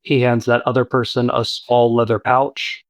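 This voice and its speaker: A man runs a tabletop game as game master, describing scenes in a relaxed way and pausing often. His voice sits in the middle male range and sounds dry and close. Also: medium pitch, dry recording. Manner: relaxed, descriptive, with many fillers.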